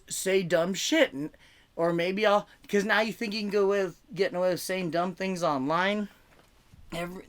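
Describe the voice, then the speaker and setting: A man's voice: high voice, fairly bright tone. A man doing a rambling, casual stand-up comedy set over a video call, full of "like" fillers and restarts. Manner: rambling, conversational, heavy on fillers like "like". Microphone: video call mic.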